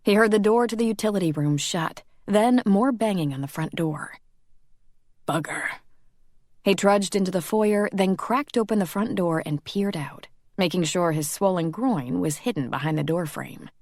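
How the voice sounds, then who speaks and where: A woman narrating a romance audiobook in a slow, measured, intimate reading. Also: fairly low pitch, a little mellow, no echo, clean studio sound.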